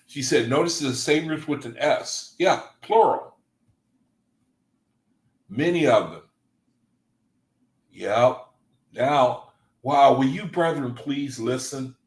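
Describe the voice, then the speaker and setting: A man reading aloud to a study group and commenting, excitable and gushing with exclamations. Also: mid-range voice, slow, long pauses, reverberant, rough recording.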